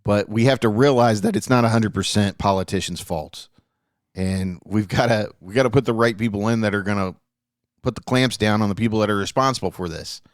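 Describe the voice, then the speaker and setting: A man with a lowish voice talks through a casual podcast chat in an earnest, rambling way, swearing freely and trailing off into fillers. His voice sits close on a studio mic with a dry, dead sound. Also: a little fast, dry recording. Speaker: podcast co-host.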